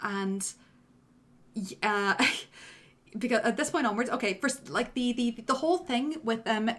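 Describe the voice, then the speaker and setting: A woman's voice: medium pitch, fairly bright tone. A young woman giving loose, self-deprecating director's commentary on her own animation during a livestream, full of fillers. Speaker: animator and streamer.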